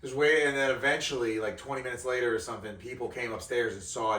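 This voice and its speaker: A young man tells stories with animated energy as a podcast guest. His voice is bright and pushy. He sits a little off the mic in a room with a lot of echo. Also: medium pitch, quick pace, far from the mic. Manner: animated, laughing storyteller. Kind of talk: casual storytelling chat. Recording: roomy, off-mic sound.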